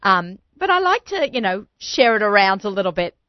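A woman hosting a podcast, chatty and excitable, often repeating her words as she goes. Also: mid-range voice, a little fast, no echo, lo-fi sound. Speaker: podcast host. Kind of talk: casual interview chat.

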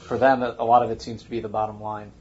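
A man's voice: lowish voice, little pitch movement, quick pace, darkish tone, a little hiss or hum. Muffled man musing in casual chat. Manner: musing, thinks aloud. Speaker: podcast host. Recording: muffled lo-fi recording.

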